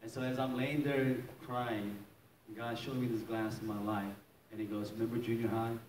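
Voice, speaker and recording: A man from Maryland preaches his testimony with lively storytelling, acting out scenes and laughing often. His voice sits at an ordinary pitch and sounds a little far from the microphone. The church hall adds a roomy echo over a faint hiss. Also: moderate pace. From Maryland, USA. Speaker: pastor. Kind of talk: testimony sermon. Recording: roomy echo, distant mic, faint noise.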